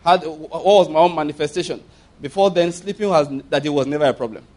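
A man's voice: a little high, fast talker, a little mellow. A Nigerian man in middle age delivers a sermon in a slightly raised voice. He is emphatic and repeats key phrases. He slips into quoted voices as he tells his points. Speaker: preacher.

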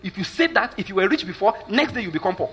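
Husky, forceful Nigerian pastor preaching. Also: male voice, sits high, fast. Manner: emphatic, keeps asking if listeners follow; animated with Nigerian Pidgin asides. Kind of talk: sermon.

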